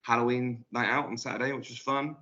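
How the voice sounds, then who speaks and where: A man's voice: mid-range voice, flat delivery, fairly quick, sharp tone, highs cut off. A man hosting a casual football chat podcast over a video call, chatty and leading the talk with filler ums. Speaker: podcast host.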